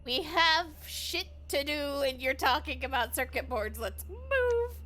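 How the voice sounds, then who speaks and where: A woman's voice: high voice, animated, unhurried, sharp tone, exaggerated voice. A woman voicing a blunt, impatient female adventurer who brushes others off. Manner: blunt, dismissive.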